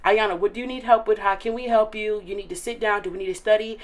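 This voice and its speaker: A woman's voice: medium pitch, steady tone, fast talker. Earnest eighteen-year-old woman, filler-heavy. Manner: earnest and emotional, many filler likes. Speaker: interview guest, recent high school graduate. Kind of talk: casual interview chat.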